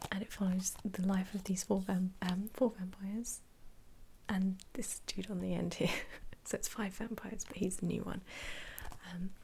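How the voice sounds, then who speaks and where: A young woman, an ASMR creator, whispering casually about her favourite films, giggling often and pausing on ums. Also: mid-range voice, little pitch movement, creaky, darkish tone, slight background noise. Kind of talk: whispered ASMR film chat.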